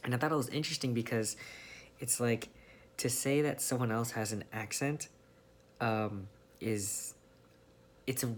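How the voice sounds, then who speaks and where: A young man from California, musing casually on camera with lots of ums and restarts. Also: medium pitch. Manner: rambling, many ums and restarts. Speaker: vlogger. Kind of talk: casual monologue.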